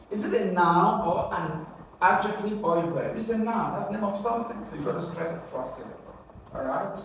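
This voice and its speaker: A man with a fairly high voice gives an exam-prep lesson, spelling words out letter by letter and pausing to ask his listeners rhetorical questions. He sounds set back from the mic in a very echoey room, with faint noise underneath. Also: distant mic. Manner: asks rhetorical questions, checks in with "okay?". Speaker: English teacher.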